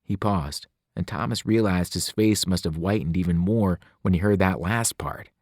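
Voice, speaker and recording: A man, a teacher, reading a novel aloud with expressive narration. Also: deep voice, moderate pace, no room sound, studio quality. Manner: expressive, voices the characters. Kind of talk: audiobook narration.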